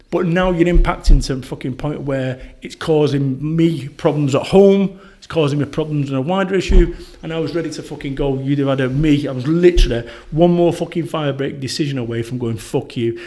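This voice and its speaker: A middle-aged man with a Northern English accent, a podcast guest telling stories in a blunt, swearing, animated way. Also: fairly high pitch. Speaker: podcast guest, motivational speaker. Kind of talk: casual conversational interview.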